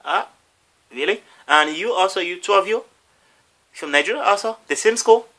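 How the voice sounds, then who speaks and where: A man's voice: high-pitched, lively intonation, normal speed, pushed and bright, pitched above the performer's own voice, exaggerated voice. A man voicing a male immigration officer who asks question after question, growing suspicious.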